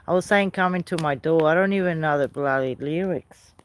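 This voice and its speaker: A woman's voice: sits low, fairly quick, few pauses, no echo. A woman hosting a casual live stream outdoors by a night fire, chatting with viewers, greeting them by name and laughing often. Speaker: livestream host.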